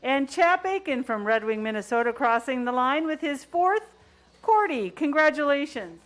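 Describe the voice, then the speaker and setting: Woman on the finish line mic, high bright voice, upbeat welcomes for each skier. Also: lively intonation, moderate pace. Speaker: finish-line race announcer. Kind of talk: live race-call announcing.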